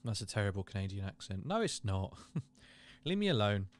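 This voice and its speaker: A man's voice: lowish voice, big pitch swings, normal speed. A man hosting a casual live watchalong, chatting and reading viewer comments aloud. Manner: chatty, reads chat aloud, laughs and exclaims. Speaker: livestream host.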